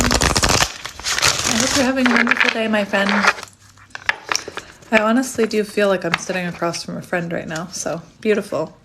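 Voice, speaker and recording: A bubbly woman chats through a tarot reading, laughing between phrases and jumping up high when something delights her. Her throat is slightly hoarse, and her voice sits at an ordinary middle pitch. Faint noise hums under the recording. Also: moderate pace, long pauses. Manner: chatty and bubbly, squeals when excited. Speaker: tarot reader.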